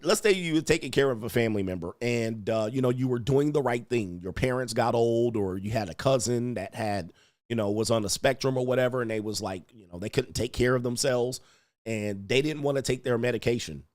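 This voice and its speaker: Male streamer, mocking and animated, mid voice, dry room. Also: medium pitch, dry recording. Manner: animated, mocking impressions of others. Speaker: livestream host. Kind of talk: casual livestream commentary.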